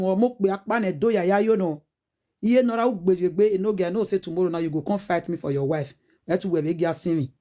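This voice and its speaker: A woman's voice: mid-range voice, warm tone. Nigerian woman in her forties, scolding rant. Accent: Nigerian Pidgin English. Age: 40s. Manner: preachy, scolding, rhetorical questions. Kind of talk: animated casual rant.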